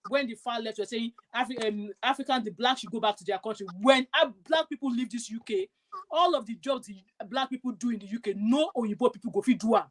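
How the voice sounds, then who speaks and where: Woman, Nigerian accent, fast talker, emphatic, repetitive, live stream rant. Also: a little high. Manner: emphatic, repetitive, forceful ranting. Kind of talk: impassioned live stream talk. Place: United Kingdom.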